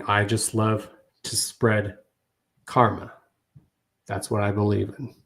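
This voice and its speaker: A podcast host with a fairly low, vocal-fry voice delivers a heartfelt monologue to his listeners. He speaks earnestly and emotionally, often repeating "y'all."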